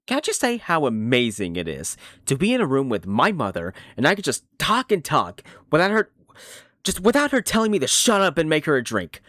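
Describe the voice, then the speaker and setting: A man's voice: a little high, huge pitch swings, brisk, a bit bright, no echo, clean studio sound. A man doing a sardonic washed-up horse, BoJack. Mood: awkward joking. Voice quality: sardonic, rambling, self-deprecating. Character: cynical middle-aged male horse, washed-up star. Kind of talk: fan voice dub of animated series.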